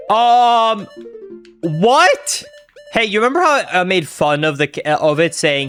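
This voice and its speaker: Excitable young man streaming a game. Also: high-pitched, slow pace, soft background music. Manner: excitable, chatty, reacts aloud to the game and chat. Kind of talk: live gameplay commentary.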